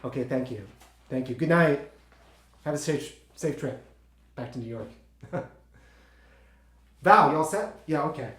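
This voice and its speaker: A man plays a young stage actor in his twenties in a solo stage monologue, nervous and easily frustrated, stammering and restarting as he talks to partners nobody else hears. His voice sits a little high for a man. The sound is roomy, picked up in a theatre. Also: lively intonation, fairly bright tone. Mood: chatty. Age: 20s. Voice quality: stammering, halting, full of restarts. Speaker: actor in a one-man play.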